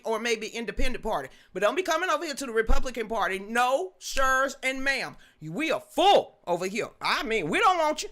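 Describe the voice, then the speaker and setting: Woman host, unscripted live stream commentary, sharp bright tone, sassy and mocking, slangy. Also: on the high side. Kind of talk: unscripted political commentary, greeting chat viewers.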